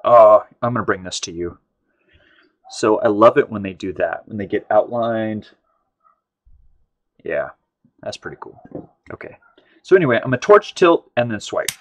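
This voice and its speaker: A man from the United States with a fairly low voice hosts a live painting stream. He chats casually to his viewers and rambles, often trailing off and starting his sentences again. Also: animated, normal speed, pauses often. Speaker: livestream art host.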